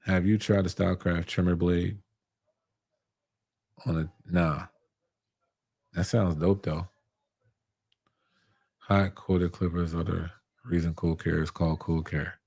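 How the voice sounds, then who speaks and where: A man's voice: low-pitched, level tone, slow, gravelly, long pauses, darkish tone, breathy edge, no room sound. A young man who reviews barber tools, chatting casually on a live stream, reading viewer comments and answering in a laid-back, slangy way that repeats itself.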